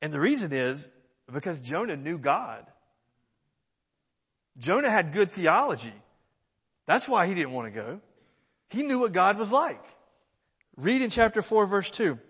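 A man preaching a sermon, earnest and animated, acting out the pleas he quotes. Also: high voice, measured pace, pauses often, breathy edge. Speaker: pastor. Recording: long church reverb.

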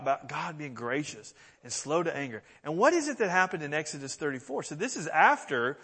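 A man preaching a sermon, earnest and animated, acting out the pleas he quotes. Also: a little high. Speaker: pastor. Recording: long church reverb.

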